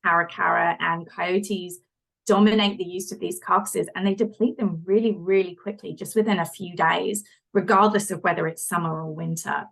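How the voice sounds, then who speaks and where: A woman scientist, a podcast guest, explaining her research in a measured way. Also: medium pitch, creaky, a bit bright, low-quality recording. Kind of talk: podcast interview.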